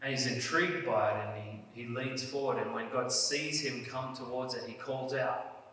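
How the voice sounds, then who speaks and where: A man's voice: medium pitch, steady tone, moderate pace, pushed and bright, a little hiss or hum. A man preaching a sermon in an earnest way, leaning hard on key phrases. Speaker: pastor. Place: church hall. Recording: echoey church hall, mic at a distance.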